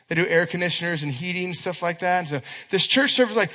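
A man preaches in a church hall, and his voice is high and bright. He tells stories with quick asides and acts out the quotes, while a long reverb trails after each line. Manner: animated storytelling with quick asides and acted quotes. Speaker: youth pastor. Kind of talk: sermon.

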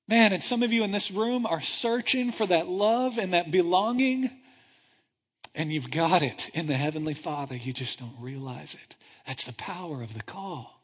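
A man preaching a sermon, swinging between loud, urgent appeals and hushed, intense passages. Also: high voice. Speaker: pastor. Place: church sanctuary. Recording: long hall reverb.

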